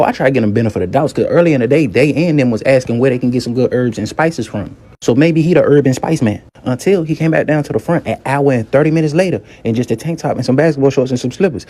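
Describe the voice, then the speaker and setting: Man, storytime comic, fast and slangy, dark mellow tone. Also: medium pitch. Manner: slangy, wry, gossipy. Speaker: hotel worker telling a story. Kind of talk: comedic storytime.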